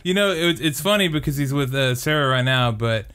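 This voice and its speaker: A man's voice: medium pitch, lively intonation, brisk, fairly bright tone, clean tone. A man co-hosting a podcast, chatting in an easygoing way with plenty of fillers. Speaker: podcast co-host. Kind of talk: casual chat.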